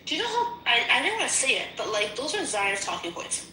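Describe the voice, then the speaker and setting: A woman's voice: a little high, big pitch swings, fast talker, hardly any pauses, pushed and bright, faint music behind. A woman telling a story in casual chat, heated and profane. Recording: echoey room.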